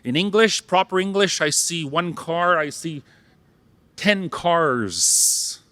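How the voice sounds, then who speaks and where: A man's voice: on the high side, lively intonation, slow pace, bright, forceful tone, no echo. A man from Saskatchewan, Canada, giving a playful public talk as a Cree language teacher and ceremonial helper, joking and leading the audience in repeating words. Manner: playful, jokes, leads audience call-and-response.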